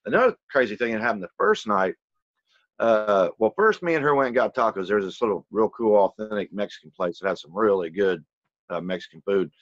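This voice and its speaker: A man's voice: fairly low pitch, animated, a little fast, a bit bright, no room sound, muffled recording. Rambling, profane man telling a story. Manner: rambling, loose and profane, full of "you know". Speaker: channel host telling a personal story. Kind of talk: casual conversational storytelling.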